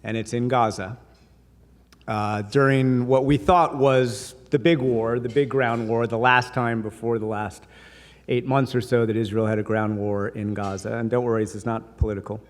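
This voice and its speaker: A man's voice: mid-range voice, fairly even intonation, normal speed. Man speaking in a reverberant hall. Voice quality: voices others in quoted bits. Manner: conversational, mixes humor into stories. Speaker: speaker at a dinner. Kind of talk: anecdotal speech. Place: large hall.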